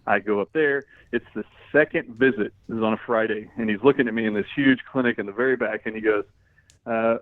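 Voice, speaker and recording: A middle-aged man with a lowish voice speaks briskly as an interview guest, recounting a personal story. He's an animated storyteller who acts out what the people in it said. The recording is dry and narrow, like a phone, with no echo.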